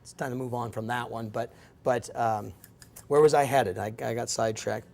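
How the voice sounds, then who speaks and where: A man's voice: mid-range voice, fairly even intonation, normal speed, creaky, a little mellow. A middle-aged man giving a guest lecture, telling stories in a rambling, self-interrupting way. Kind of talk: storytelling lecture. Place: lecture room.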